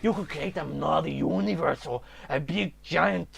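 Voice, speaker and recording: A man voicing a creepy, soft-spoken female villain in a wheedling, old-film-villain way. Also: fairly high pitch, normal speed, vocal fry, a crowd in the background, voice pushed down.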